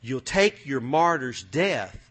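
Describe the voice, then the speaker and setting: A man preaching a sermon, swinging from loud, fiery passages to low, muttered asides. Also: expressive, slow.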